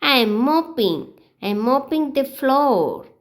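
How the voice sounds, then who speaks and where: Slow, lively woman reading English drills. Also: sits high. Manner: slow, clear, sing-song reading of drills. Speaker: English teacher. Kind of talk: slow example sentences for beginners.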